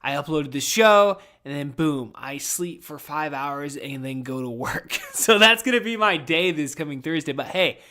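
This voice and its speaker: A man's voice: fairly high pitch, lively intonation, normal speed, few pauses, sharp tone. A young man hosting a podcast, rambling casually from his room at home with plenty of swearing. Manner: rambling and profane, laid-back. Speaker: podcast host. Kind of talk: casual solo podcast chat.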